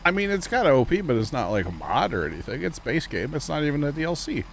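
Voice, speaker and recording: A man's voice: fairly high pitch, sing-song, fast talker, gravelly, slight background noise. A man hosting a gameplay livestream, chatting and joking with viewers and teammates. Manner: chatty, jokey, talks to viewers. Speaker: livestream host. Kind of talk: casual gameplay chat.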